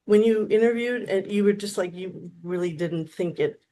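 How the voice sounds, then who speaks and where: Animated woman therapist telling stories. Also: mid-range voice, moderate pace, a little hiss or hum. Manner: animated, acts out quoted dialogue, frequent restarts. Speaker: therapist, guest. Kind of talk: casual storytelling interview.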